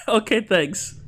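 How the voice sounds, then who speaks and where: A live streamer in casual chat with viewers, joking and breaking into excited shouts. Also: medium pitch. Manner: excitable, jokey, bursts into laughing shouts.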